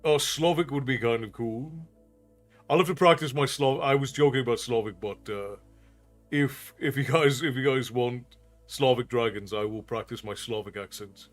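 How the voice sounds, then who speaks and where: Faint music sits behind this Irish storytelling streamer as he chats with his live audience and reads their comments aloud. He has an unusual Irish accent and a medium-pitched voice at a moderate pace.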